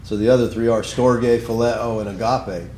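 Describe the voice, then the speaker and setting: A man's voice: mid-range voice, fairly even intonation, moderate pace, a little mellow, echoey room, slight background noise. A man leading a Bible study as pastor, plain-spoken and conversational, often checking in with the group. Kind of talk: teaching sermon with group discussion.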